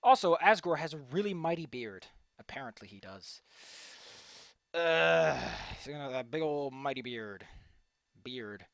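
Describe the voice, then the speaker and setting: A man's voice: fairly high pitch, lively intonation, unhurried, creaky, a bit bright, no room sound. A young man rambling goofily as he draws on a stream, repeating words playfully and joking to himself. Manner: goofy, rambling, playful repetition. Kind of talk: casual commentary while drawing.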